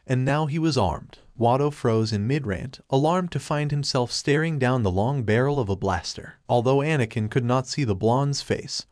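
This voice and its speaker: A man reading fan fiction aloud as narrator at an even, steady pace. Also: medium pitch, normal speed, hardly any pauses, no echo, clean studio sound.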